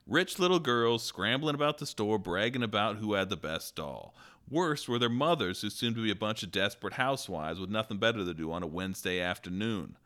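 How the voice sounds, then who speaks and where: A man's voice: lowish voice, pushed and bright. A man putting on a fussy indignant complainer. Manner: exaggerated mock accent, indignant. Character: fussy grown man grumbling about a doll store.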